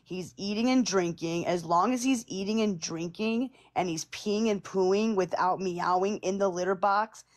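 A woman's voice: medium pitch, moderate pace, hardly any pauses. A young woman filming a casual vlog, talking to her cat in a coaxing, repetitive baby-talk manner.

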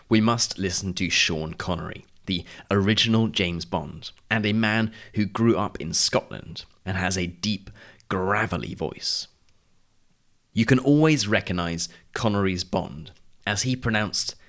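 Brief: male lesson host, slightly low voice, clear measured read. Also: bright, forceful tone. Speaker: podcast host. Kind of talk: scripted narrated lesson.

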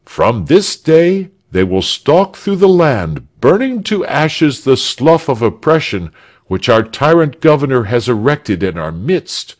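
A man's voice: mid-range voice, big pitch swings, unhurried, voice pushed up. A man voicing a modest hero archer, bashful at first, then delivering a proud, grand speech. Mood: proud speechmaking.

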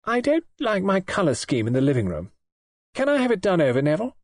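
A man's voice: high-pitched, wildly swooping pitch, fast talker, no room sound, voice pushed up, exaggerated voice. A man reading an audiobook and voicing a petulant, spoiled young wife in a coaxing, sulky, lightly raised voice. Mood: petulant, dreamy.

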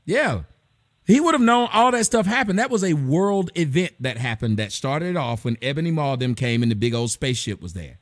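A middle-aged man ranting about movies in blunt, profane bursts, his pitch leaping around as he talks. His voice sits a little high for a man. The recording is close and bone dry. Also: lively intonation, moderate pace, no echo. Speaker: host. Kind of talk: casual live-stream chat.

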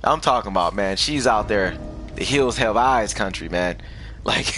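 A man's voice: fairly low pitch, lively intonation, slow, sharp tone, slight background noise. A young man giving casual, jokey commentary while streaming a video game, laughing often and trash-talking the game. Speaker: gaming streamer.

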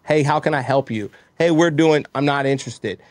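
Animated storyteller man, dry close sound. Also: fairly high pitch, fairly quick, no room sound. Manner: animated storyteller acting out quoted exchanges. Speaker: guest, roofing company owner. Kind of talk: casual podcast conversation.

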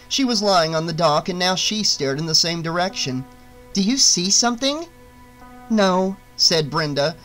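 A man narrating an audiobook with a steady, expressive reading. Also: a little high.

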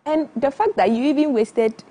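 A woman on a chat panel, blunt and quick to jump in. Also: sits high, mellow. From Ghana.

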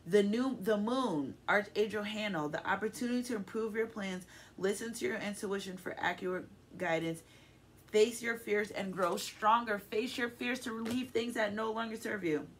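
A tarot card reader does a casual reading for her viewers in a medium-pitched voice at a moderate pace, with slight background noise. She's chatty, effusive and affectionate, often getting emotional and checking in with her audience by asking "okay?"

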